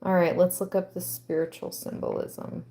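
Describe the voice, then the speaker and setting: A woman giving a tarot reading to her viewers, reading aloud and musing with soft exclamations. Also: lowish voice, huge pitch swings, normal speed, creaky. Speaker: tarot reader.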